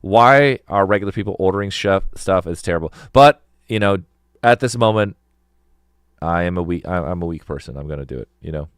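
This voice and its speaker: Playful low-voiced man, swinging pitch. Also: expressive, brisk, clean tone, no echo, studio quality. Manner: playful and profane, slips into joking accents. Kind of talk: casual chat while ordering food.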